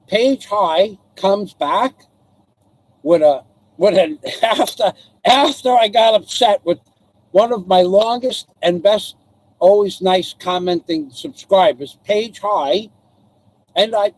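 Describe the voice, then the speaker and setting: An older man hosting a live stream, rambling in a theatrical, self-mocking way with loud outbursts. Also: sits high, low-quality recording.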